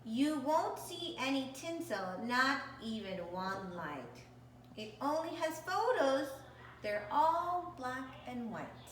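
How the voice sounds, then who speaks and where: A woman voicing a kind, lonely old woman in a storybook, speaking softly and warmly to a stray cat, in an echoey room away from the mic. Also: high voice, sing-song, slow pace, far from the mic, slight background noise, heavily acted. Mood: fond. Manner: soft, soothing storybook reading.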